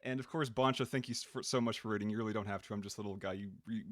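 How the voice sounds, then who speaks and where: A man live-streaming a video game in casual chat, goofy and excitable, swearing and greeting his chat by name. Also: on the low side, fast, hardly any pauses, very noisy. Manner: goofy, excitable, swears, drops into silly voices.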